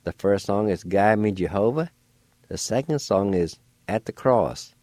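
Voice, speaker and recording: Slow, dry-voiced man teaching pronunciation. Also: fairly low pitch, animated, darkish tone, dry recording. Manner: slow, careful, repeats each word. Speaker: language teacher and radio host. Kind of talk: slow spelling and pronunciation lesson.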